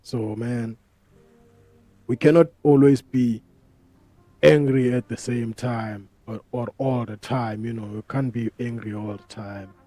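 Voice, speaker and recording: Dark-voiced podcast host. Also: male voice, mid-range voice, fairly even intonation, unhurried, no room sound. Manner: rambling, profane, street slang. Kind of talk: casual podcast monologue. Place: podcast studio.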